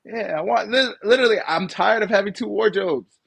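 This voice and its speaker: A man's voice: high voice, brisk, vocal fry, fairly bright tone, slightly rough. A man co-hosting a live podcast in casual chat, laughing often and acting out mocking voices. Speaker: podcast co-host.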